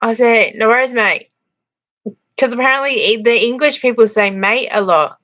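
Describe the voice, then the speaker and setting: Chatty Australian woman, bright dry voice. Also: fairly high pitch, a little fast, dry recording, highs cut off. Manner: chatty storyteller, laughs often, reads out viewer comments. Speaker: livestream host. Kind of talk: casual livestream chat.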